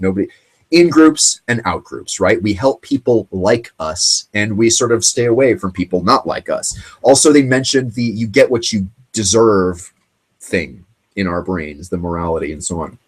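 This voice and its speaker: A man hosting a late-night talk show in a loose, rambling monologue, full of fillers and restarts. His voice is husky and sits fairly low, and he sounds choked up and tearful throughout. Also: normal speed. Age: grew up in the 1980s. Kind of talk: casual monologue.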